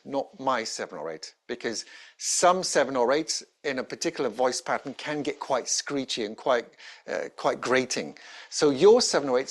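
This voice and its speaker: A man, a presentation skills trainer giving an instructional talk to camera with emphatic, varied intonation and deliberate pauses. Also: on the high side.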